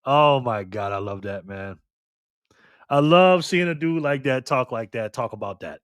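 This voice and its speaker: A man hosting a casual livestream, reading and answering the chat excitedly. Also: mid-range voice, measured pace, clear, resonant tone, no room sound. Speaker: livestream host.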